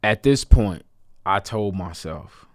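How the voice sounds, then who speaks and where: A man's voice: fairly low pitch, slow, no echo, clean studio sound. A man casually telling a personal story with jokes, often breaking into laughter. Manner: animated, joking, laughs between lines.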